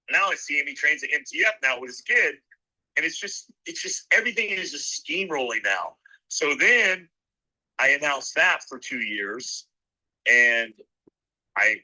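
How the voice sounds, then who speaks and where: A man's voice: mid-range voice, bright, forceful tone, rough recording. A middle-aged man who works as a race announcer, telling rambling anecdotes in a casual interview and acting out the lines he quotes.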